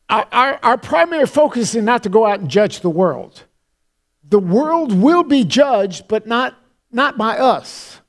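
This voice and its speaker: A pastor giving an expository Bible teaching in an earnest, explanatory way, often repeating words as he thinks. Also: high-pitched.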